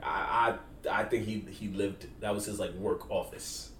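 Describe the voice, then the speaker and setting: Animated storytelling man in a roomy room. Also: on the low side, a little slow. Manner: animated storyteller acting out scenes in slangy voices. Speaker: podcast co-host. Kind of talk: casual movie discussion. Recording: roomy, distant mic with faint background noise.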